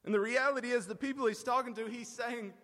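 A man delivers an earnest, emphatic sermon, with pauses that let each point land. His voice sits high for a man. A long reverb trails his words through a large hall. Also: fairly bright tone. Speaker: pastor.

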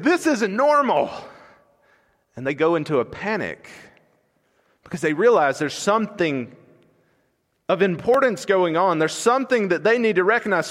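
A male pastor preaching an expository sermon in a conversational, storytelling way with acted asides, recorded in a church sanctuary. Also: sits high. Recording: long reverb in a large hall.

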